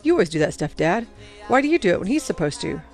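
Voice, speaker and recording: A woman voicing an earnest young girl who speaks in a halting, questioning way. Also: on the low side, sing-song, darkish tone, soft background music. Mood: bewildered.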